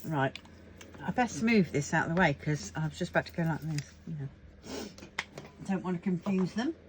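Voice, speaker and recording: A low-voiced woman chats to camera as a crafting vlogger, thinking aloud and rambling through her plans with lots of fillers. Faint keyboard tapping and room ambience sit quietly behind her. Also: animated, normal speed, a little hiss or hum. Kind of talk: casual chat to camera.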